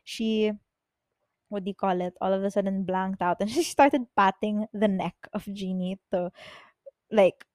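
Excitable young woman rambling. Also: medium pitch, measured pace, no echo. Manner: excitable, rambling, swears freely. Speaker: podcast host. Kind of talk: casual personal storytelling. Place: bedroom, on her bed.

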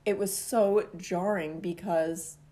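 A woman's voice: on the low side, slow pace. Laughing woman telling a wild story. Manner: animated, laughs often while telling the story. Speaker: guest telling a personal story. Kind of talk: casual storytelling chat.

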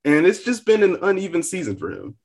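A young podcast co-host talks fast in a high, very animated voice. His casual chat is full of hedging and amused side remarks.

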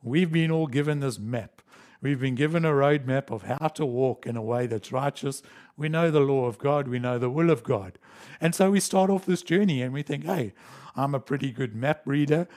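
Male preacher, mid-pitched, storytelling sermon voice, livens up for quoted lines, prays softly at the end. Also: normal speed. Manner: storytelling, acts out quoted lines with rising emotion. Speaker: pastor. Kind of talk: sermon to a live stream. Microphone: live stream.

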